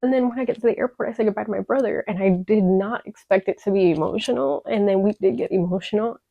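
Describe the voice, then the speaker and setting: The dull, lo-fi, dry audio carries no room sound as a young vlogger from Chicago tells her story candidly, emotional and profane and rambling with many fillers. She speaks quickly in a creaky, medium-pitched voice.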